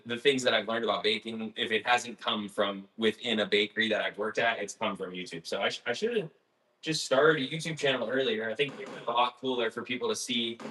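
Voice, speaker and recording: A bright, forward-sounding man tells a story from his baking job in a loose livestream chat. He rambles candidly, with plenty of fillers and laughs and a swear word here and there. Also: mid-range voice. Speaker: baker and video host.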